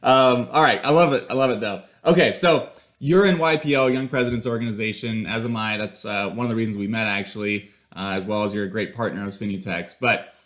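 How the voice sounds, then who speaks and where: A man's voice: fairly low pitch, fairly quick. Enthusiastic man hosting a podcast. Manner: enthusiastic, energetic. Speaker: podcast host. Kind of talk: upbeat podcast interview.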